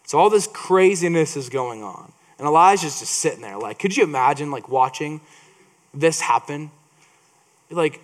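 A man's voice: fairly high pitch, unhurried, a bit bright. A man preaching a sermon, reading scripture and adding playful asides with frequent restarts.

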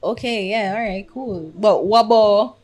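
A woman's voice: medium pitch, measured pace, a little mellow. A woman with a Jamaican accent co-hosting a podcast in casual chat, laughing often and switching between patois and English. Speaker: podcast co-host.

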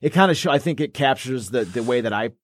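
A man's voice: mid-range voice, lively intonation, fast talker, dry recording, studio quality. A man co-hosting a podcast, chatting casually about sports history and rambling with many restarts and fillers. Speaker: podcast co-host.

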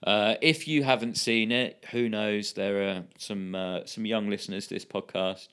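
A man's voice: on the low side, steady tone, moderate pace, fairly bright tone, clear, resonant tone. A man co-hosting a podcast, chatting casually and enthusiastically about films, with a rambling manner and casual swearing. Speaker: podcast co-host. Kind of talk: casual chat.

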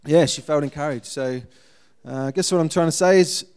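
A man giving a guest sermon, telling a missionary story in a lively way and acting out the people in it. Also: fairly high pitch, brisk, clean tone.

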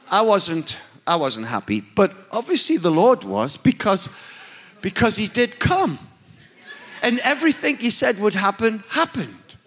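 A man's voice: very high-pitched, pushed and bright, slightly rough. A man with a Northern English accent, a preacher telling a story in a sermon with humorous, emphatic, self-mocking delivery.

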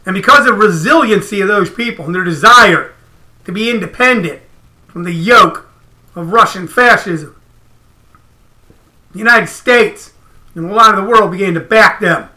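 A man hosting a casual livestream, ranting in an animated, emphatic, profane way. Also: high voice. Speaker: comedian host.

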